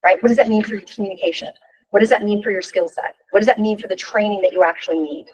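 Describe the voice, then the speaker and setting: Lo-fi audio captures a woman in her fifties leading a workshop. Her medium-pitched voice moves fast, and her chatty, frank talk is sprinkled with rhetorical "right?"s.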